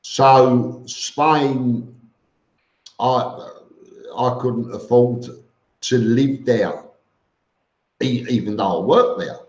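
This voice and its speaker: A man's voice: medium pitch, drawn-out words, long pauses, darkish tone. A middle-aged man with a London accent, chatting casually on a live stream in a blunt, rambling way, with many ums and restarts. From East London, England. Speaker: vlogger hosting a live stream. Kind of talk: casual live-stream chat answering viewers. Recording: roomy, slightly dull audio.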